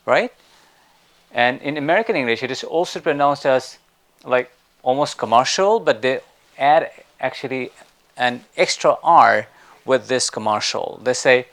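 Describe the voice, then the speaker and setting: Guy teaching english pronunciation, spells out words slowly syllable by syllable, middle pitch voice. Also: animated. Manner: slow syllable-by-syllable drilling, louder on sounds. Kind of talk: spoken lesson.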